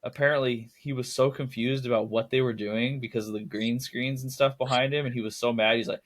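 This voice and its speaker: Young guy rambling about a movie, average pitch, keeps restarting sentences. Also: fairly even intonation, a little fast, few pauses. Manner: rambling, self-correcting, laughs at his own jokes. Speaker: podcast co-host. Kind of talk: casual film discussion.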